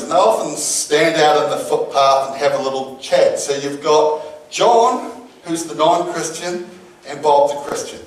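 Man preaching, somewhat high voice, very echoey hall, distant mic. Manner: storytelling, acts out voices in an anecdote. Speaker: pastor. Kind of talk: sermon.

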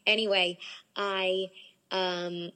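A young adult woman telling a story as a podcast guest in a casual, animated way, with lots of "like" fillers. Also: medium pitch, very slow. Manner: animated, many "like" fillers, excitable.

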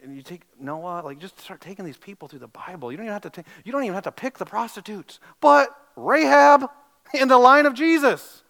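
A pastor preaching a sermon, swinging from loud emphatic passages to hushed storytelling and asking his listeners direct questions. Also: high voice, lively intonation, a little fast, gravelly, poor audio. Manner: asks the congregation direct questions.

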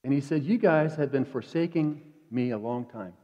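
A man preaching a sermon in a conversational way, dropping to quiet asides and rising to emphatic peaks. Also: medium pitch, normal speed. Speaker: pastor. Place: church sanctuary. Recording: dull echoey church hall.

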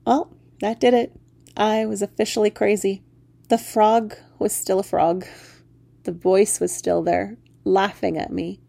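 A woman reading her own fairy story aloud in first person, expressive and laughing often. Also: mid-range voice, measured pace, creaky, dry recording. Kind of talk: storybook narration.

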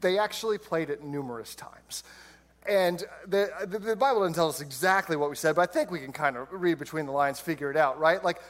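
A man's voice: fairly high pitch, brisk. A man preaching a sermon, telling the story with humor and playful put-on voices for the characters. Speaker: pastor.

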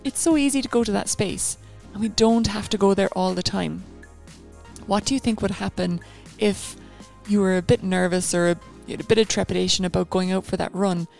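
A woman leads a guided running session as a coach. She talks in a chatty, rambling, encouraging way. Her voice has a noticeable gravelly fry, and faint music plays underneath. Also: medium pitch, darkish tone.

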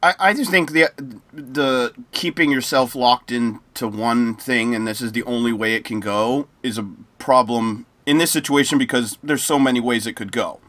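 A man's voice: medium pitch, normal speed, fairly bright tone, no echo. A man co-hosting a podcast, chatting casually, often laughing and giving his opinions. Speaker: podcast co-host. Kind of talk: casual chat.

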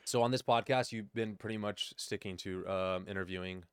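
Low, smooth-voiced man swearing casually. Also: steady tone, a little fast. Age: 30s. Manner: loose, profane storytelling. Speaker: podcast guest. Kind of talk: casual chat.

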